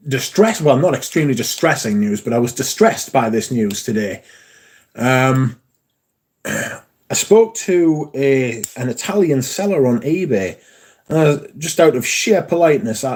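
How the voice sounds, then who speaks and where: A man with a husky, slightly breathy voice hosts a relaxed livestream. He talks in a loose, rambling way, reading out comments and drifting between anecdotes at a middling pitch. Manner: chatty, rambling, reads out chat comments. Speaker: livestream host. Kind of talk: casual livestream chat.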